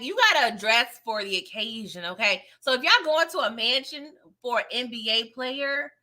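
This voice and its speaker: Bright-voiced sassy woman recapping a show. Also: a little high. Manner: laughs often, slangy and sassy, talks to viewers directly. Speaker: TV episode recap host. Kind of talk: casual live recap chat.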